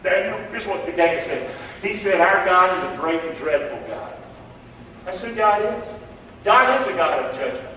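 Man preaching, high and emphatic, recorded distant in an echoey sanctuary with faint room noise. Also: expressive, normal speed. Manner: emphatic, calls to the congregation, swings loud and soft. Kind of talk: sermon. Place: church. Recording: echoey church hall from far off, faint ambience.

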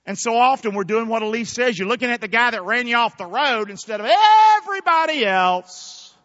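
A man preaching a fervent sermon in a church, shouting call-and-response lines to the congregation. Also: very high-pitched, expressive, fairly quick, no echo, muffled recording. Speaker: pastor. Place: church sanctuary.

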